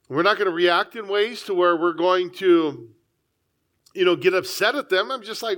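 A man's voice: high-pitched, lively intonation, moderate pace, a bit bright. A man preaching a sermon as a pastor, reading scripture and talking in a conversational way with frequent asides. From United States.

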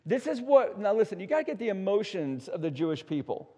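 A man's voice: sits high, very animated, slightly rough. Emphatic preacher man, long hall echo. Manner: emphatic, swings between hushed and loud, slows for weight. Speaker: pastor. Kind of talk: sermon. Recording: dull sound with long hall reverb.

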